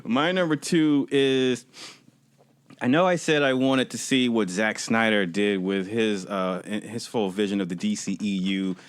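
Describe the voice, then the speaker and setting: A man's voice: fairly low pitch, fairly even intonation, a little slow, dry recording. A man hosting a casual movie podcast, steering the talk with short follow-up questions. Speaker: podcast host. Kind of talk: casual chat.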